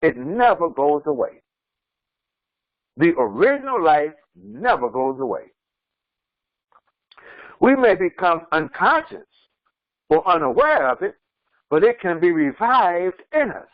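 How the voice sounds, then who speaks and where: A man's voice: a little high, big pitch swings, slow pace, pauses often, dry recording, lo-fi sound. A man preaching as an imam, emphatic and repetitive, often restarting his words mid-sentence. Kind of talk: sermon.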